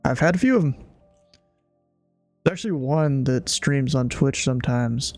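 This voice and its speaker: A man's voice: medium pitch, moderate pace, a little mellow, no echo, soft background music. A young American man from Kentucky who streams, chatting casually and laughing a lot, and slipping into clipped radio calls as a flight controller. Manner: laughs often, casual slang. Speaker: streamer playing air traffic controller.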